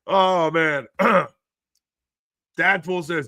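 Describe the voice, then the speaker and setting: A hoarse man hosting a casual live stream about football news, excitable and laughing often as he reads the chat aloud. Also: a little high, moderate pace, long pauses, no room sound, studio quality. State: hoarse from screaming.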